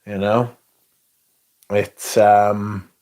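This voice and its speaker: A man's voice: on the low side, flat delivery, extremely slow, darkish tone. A man hosting a casual livestream, reading out viewer comments in a laid-back, rambling way and swearing now and then. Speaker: livestream host.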